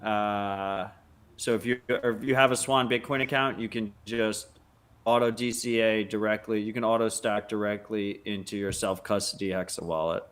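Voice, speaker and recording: Male co-host with a lowish voice, blunt and wry in casual chat. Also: fairly even intonation, moderate pace, a bit bright, clear, resonant tone. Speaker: podcast co-host.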